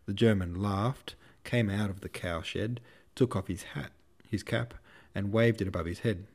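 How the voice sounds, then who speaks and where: A man narrates a classic novel in a cheeky, irreverent style, swearing freely and adding asides. His voice sits fairly low for a man. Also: a little slow. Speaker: podcast host reading a novel.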